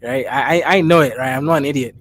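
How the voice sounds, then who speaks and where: A man's voice: medium pitch, fast, fairly bright tone. A man with an East African accent hosting a livestream, laughing and teasing viewers as he reads their messages. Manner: laughing, teasing, talks straight to chatters. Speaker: livestream host. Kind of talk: casual livestream chat reading viewer messages.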